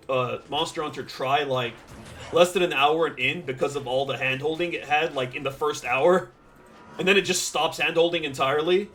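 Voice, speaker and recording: A man's voice: fairly high pitch, sharp tone, slight background noise. A man streaming a game and chatting casually with viewers, rambling with plenty of fillers and dry sarcastic asides. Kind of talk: casual gameplay chat with viewers.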